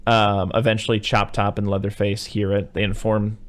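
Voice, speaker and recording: A man's voice: fairly low pitch, level tone, moderate pace. A man hosting a podcast, rambling through movie recaps with lots of fillers in casual chat. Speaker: podcast host.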